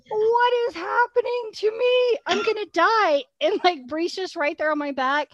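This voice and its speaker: A woman, co-hosting a podcast and telling an animated story, laughing as she goes. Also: high voice, moderate pace, hardly any pauses, dull audio, a little hiss or hum. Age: 40s. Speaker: podcast co-host. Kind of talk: casual storytelling chat.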